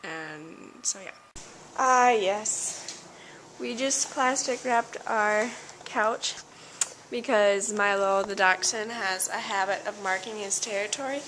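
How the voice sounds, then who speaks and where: Her voice is medium-pitched and a bit bright, and she talks slowly, with a little hiss or hum in the recording. Indoors at home, this young woman vlogs casually to camera, ranting and laughing about an embarrassing day.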